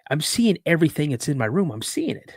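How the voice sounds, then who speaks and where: A man telling an emotional personal story in an earnest, halting way, full of restarts as he fights back tears. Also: a little high, big pitch swings, darkish tone, husky, no room sound, clean studio sound.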